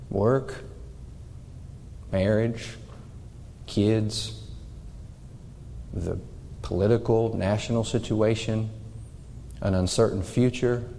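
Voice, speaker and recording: Male pastor, earnest sermon delivery with a mellow tone, church hall reverb. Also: on the low side, a little hiss or hum. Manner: earnest, questioning the congregation directly. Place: church sanctuary.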